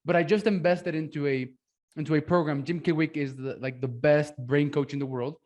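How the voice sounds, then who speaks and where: A man's voice: fairly high pitch, fairly even intonation, brisk, darkish tone. A man hosting a podcast over a video call, talking loosely with many fillers. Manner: loose, filler-heavy, says man a lot. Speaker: podcast host. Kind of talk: casual interview chat.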